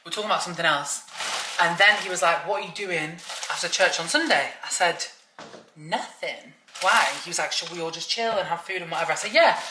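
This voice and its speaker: A woman's voice: fairly low pitch, fairly quick. A young British woman vlogging in a casual, bubbly way, talking straight to her viewers. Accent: British English. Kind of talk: casual vlog chat. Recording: echoey room with background noise.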